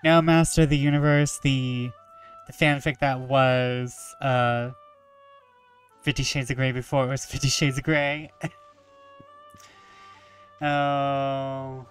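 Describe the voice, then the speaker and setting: A man's voice: mid-range voice, fairly even intonation, a little slow, soft background music. A man reading a story game aloud and adding wry, joking asides. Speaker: gamer.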